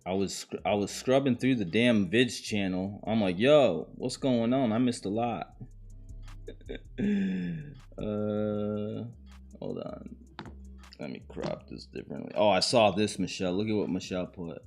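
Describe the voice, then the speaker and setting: A man's voice: on the low side, lively intonation, a little slow, creaky, a little mellow, faint music behind. A man hosting a live-streamed podcast, joking and reacting to clips in a casual, slangy way. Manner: uses slang and swearing. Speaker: podcast host.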